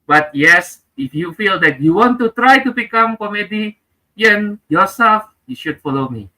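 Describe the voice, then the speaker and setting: Brief: male comedian, high bright voice, deliberate pace, animated self-mocking stories. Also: rough recording. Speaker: comedian guest. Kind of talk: comic storytelling.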